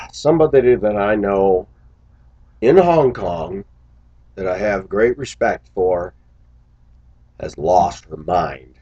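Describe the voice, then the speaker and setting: Guy vlogging to his viewers, slow and musing, dull lo-fi sound. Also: on the low side, lively intonation, mellow, husky. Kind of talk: casual vlog monologue.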